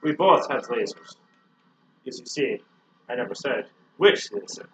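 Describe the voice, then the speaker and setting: A man's voice: medium pitch, animated, unhurried, faint music behind. Jokey man with a hammy fake Russian accent. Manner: hamming up a mock Russian accent. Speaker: let's play co-host. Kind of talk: joking gameplay commentary. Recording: dull lo-fi recording.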